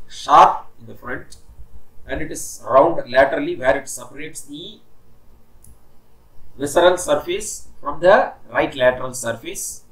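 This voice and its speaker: A man's voice: a little high, expressive, unhurried, fairly bright tone, low-quality recording. A man lecturing on anatomy in a recorded class. He explains step by step, repeats key terms and often stops to say "okay".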